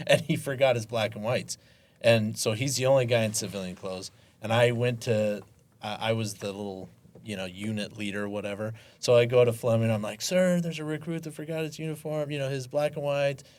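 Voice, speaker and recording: A man trades academy memories in a relaxed podcast chat. He laughs often and bursts into animated quoted lines. His voice sits in a middle pitch. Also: normal speed. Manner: laughs while telling stories, animated quoting. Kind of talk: casual storytelling chat.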